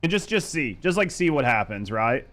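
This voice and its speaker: Smooth-voiced profane male streamer. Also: mid-range voice, big pitch swings, normal speed, fairly bright tone, soft background music. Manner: loose, profane, joking banter with chat. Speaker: streamer and gaming host. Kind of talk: casual live-stream chat.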